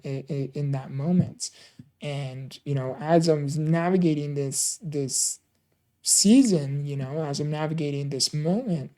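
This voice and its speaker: A man tells his own story in a mellow, soft-toned voice. He sounds earnest and emotional. He often halts, repeats and restarts his words. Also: a little high. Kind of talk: personal storytelling.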